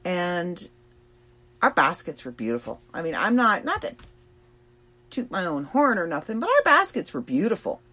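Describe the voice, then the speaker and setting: A woman hosting a podcast, talking slowly and thoughtfully about personal struggles with pauses and fillers. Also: lowish voice, wildly swooping pitch, pushed and bright. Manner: slow, reflective and emotional, with pauses and fillers. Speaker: podcast host. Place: trailer in a backyard.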